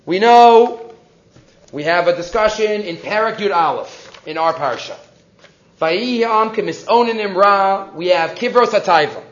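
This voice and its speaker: A man teaching an evening Torah class, lively and animated, acting out the quoted speeches and mixing in Hebrew terms. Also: high voice. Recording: roomy, dull lo-fi class recording.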